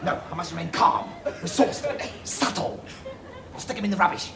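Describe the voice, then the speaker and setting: A pompous hammy TV star. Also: male voice, extremely high pitch, big pitch swings, moderate pace, noisy background. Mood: self-important. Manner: theatrical, pompous, shouty and mocking. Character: vain pompous male TV star, scheming, hammy.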